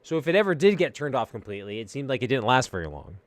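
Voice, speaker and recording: A man chatting casually as host, rambling and swearing as he muses, drifting between mumbles and loud rants. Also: medium pitch, big pitch swings, racing, no room sound. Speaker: streamer host. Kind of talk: casual stoned-sounding philosophical chat.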